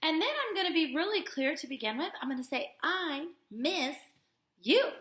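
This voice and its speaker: A woman teaching young children to write a letter, talking slowly and stretching out sounds. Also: sits high, animated, a bit bright, reverberant, a little hiss or hum. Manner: slow, sing-song teacher voice that stretches out sounds. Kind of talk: remote writing lesson for young children.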